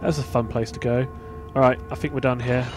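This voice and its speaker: A man's voice: mid-range voice, level tone, fairly quick, music in the background. Jumpy man narrating gameplay. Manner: jumpy, muttering asides to himself. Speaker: let's play host. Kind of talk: casual gameplay commentary.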